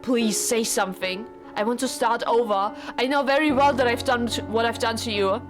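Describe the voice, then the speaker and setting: A woman's voice: a little high, normal speed, close to an everyday voice. A woman reading the lines of a lovesick, formal young husband from a visual novel, earnest and pleading, with game music behind her. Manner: formal, pleading dialogue read aloud.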